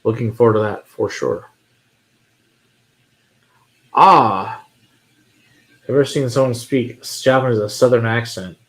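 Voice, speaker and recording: A man's voice: medium pitch, unhurried, pauses often, fairly bright tone. A man hosting a whiskey livestream, chatting casually with viewers, answering their comments and laughing often.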